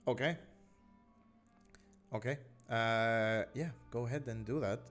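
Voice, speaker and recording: A man narrating as game master in an online tabletop game, pausing often with filler sounds as he describes the scene. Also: medium pitch, faint music behind. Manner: unhurried, many filler "uh"s, hedging descriptions. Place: online voice call.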